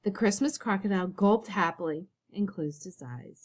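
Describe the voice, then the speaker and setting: A woman teacher reading a children's picture book aloud, expressive and storytelling. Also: mid-range voice, moderate pace.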